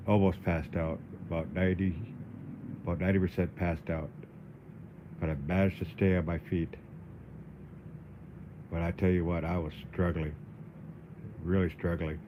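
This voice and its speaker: A man livestreaming in a casual, halting way, dizzy and weak, often repeating his words. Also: low-pitched, level tone, muffled recording, noisy background. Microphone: phone.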